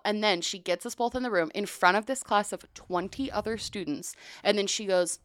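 A woman in her twenties co-hosting a chat show, telling stories in an animated way, laughing often and swearing freely. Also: medium pitch, a little fast, few pauses, no echo. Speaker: podcast co-host. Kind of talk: casual storytelling chat.

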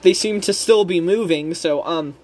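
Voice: mid-range voice, moderate pace, darkish tone, slight background noise. A speaker casually recapping a cartoon episode in a rambling, chatty way with frequent giggles. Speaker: show recap host.

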